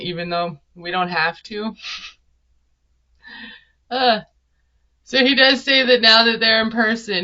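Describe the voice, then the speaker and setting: A woman's voice: mid-range voice, sharp tone, highs cut off. A woman, recapping a reality show in casual, sarcastic commentary. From Minnesota. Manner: chatty, sarcastic, laughs often. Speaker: TV recap vlogger.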